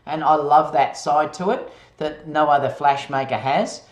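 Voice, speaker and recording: A man's voice: fairly high pitch, fairly even intonation, moderate pace, lo-fi sound. A man guest on a live stream, chatting casually about camera gear and rambling with fillers and restarts. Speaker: guest photographer. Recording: roomy echo.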